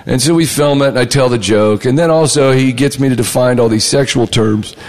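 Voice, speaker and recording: A man's voice: mid-range voice, a little fast, a little mellow, big-room sound. A man, a comedy writer, telling stories in a casual interview and acting out the lines of other people. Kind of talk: casual storytelling.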